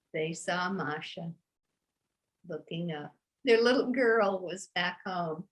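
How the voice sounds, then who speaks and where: A woman storyteller telling a folk tale to children in an animated, sing-song way, inviting listeners to join in. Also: medium pitch.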